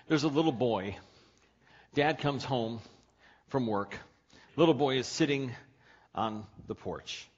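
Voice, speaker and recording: A man's voice: fairly low pitch, husky. A man preaching a sermon as pastor, opening with wry joke stories and shifting his delivery for punchlines. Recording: dull lo-fi sermon audio.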